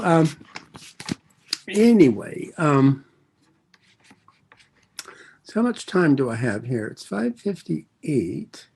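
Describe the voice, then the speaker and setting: A man's voice: mid-range voice, mellow, slight background noise. An older man giving an earnest personal share at a recovery meeting, drifting off his thread and circling back, with light chuckles.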